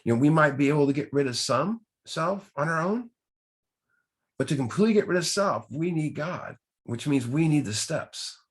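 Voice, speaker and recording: A man's voice: fairly high pitch, animated, moderate pace, slightly rough. A man leading a recovery group study, teaching earnestly from the text with rhetorical questions and repeated key words.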